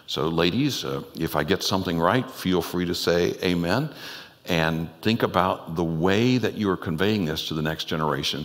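Low-voiced guy preaching a sermon, chatty and earnest, echo of a big church hall. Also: a bit bright. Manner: earnest, conversational preaching with rhetorical questions. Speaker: pastor. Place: church sanctuary. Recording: long church hall reverb.

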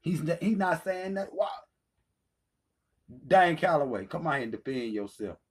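A man's voice: on the high side, big pitch swings, moderate pace, husky. A man hosting his own channel, delivering a heated, profane callout rant, taunting and swearing freely. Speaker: channel host. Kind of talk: profane ranting callout video.

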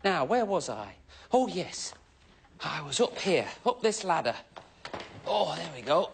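A man's voice: on the high side, very animated, a little slow, creaky, a little hiss or hum, heavily acted. An actor playing a cheerful, eager-to-please station helper on a children's TV show, chatty and very polite, talking to himself as he works. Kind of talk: scripted children's TV acting.

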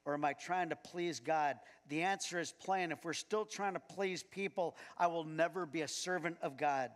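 A male pastor delivers a sermon in a church sanctuary, his voice sitting a little higher than most men's. He talks in a relaxed, conversational way and keeps breaking into small chuckles as he tells personal stories. The room adds a long, ringing reverb. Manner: conversational, chuckles while telling anecdotes.

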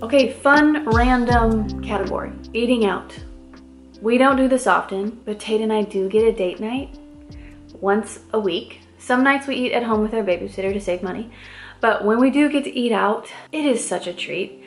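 A woman's voice: fairly high pitch, moderate pace. A woman in her thirties from the American Midwest, chatting casually to camera as a lifestyle vlogger in an upbeat way, with lots of "like" fillers. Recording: roomy echo with faint music.

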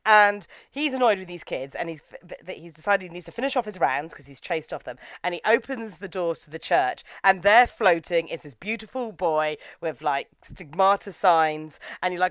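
A woman's voice: on the low side, animated, moderate pace, dry recording. Gushing woman hosting a podcast. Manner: enthusiastic, gushing, acts out quotes. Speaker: podcast host. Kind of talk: casual anime review chat.

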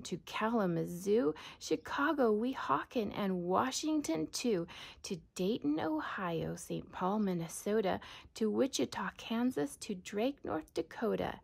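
A woman reading a rhyming children's storybook aloud in a sing-song way, often dropping to a soft whisper. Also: fairly high pitch, creaky, slightly rough.

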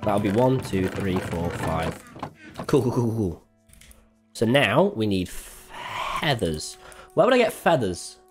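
A young man chatting to his live-stream audience while playing, excitable and swearing freely. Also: on the low side, slow, faint music behind. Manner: excitable, swears freely, jumps between game and chat. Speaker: game streamer.

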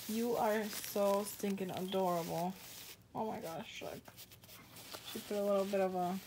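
A woman's voice: mid-range voice, steady tone, moderate pace, background noise. A woman vlogger in casual unboxing chat at home, gushing and exclaiming often, trailing off mid-sentence. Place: home with a pet bird.

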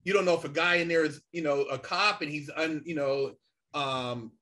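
A middle-aged man telling a story casually and animatedly, swearing often and filling pauses with "you know" and "man". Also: a little high. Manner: animated, swears a lot, many fillers. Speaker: podcast guest.

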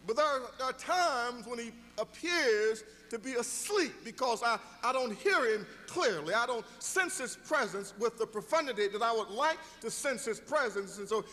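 A man's voice: very high voice, expressive, normal speed, hardly any pauses, bright, forceful tone, big-room sound. A middle-aged man preaching a sermon as pastor, telling stories and building to emphatic exhortation.

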